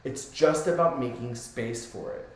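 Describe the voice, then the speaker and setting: A man's voice: mid-range voice, measured pace. A man, a spiritual coach, chatting casually on a podcast in an easygoing way that keeps checking in with the listener. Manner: easygoing, keeps asking "right?". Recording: very echoey room.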